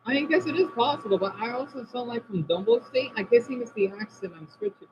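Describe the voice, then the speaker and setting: High, lively man on a lo-fi stream. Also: fast talker, background noise. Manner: chatty, answers comments, trails off quietly. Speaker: livestream host reading chat. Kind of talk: casual live-stream chat. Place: indoors at home by a window. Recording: dull lo-fi stream audio.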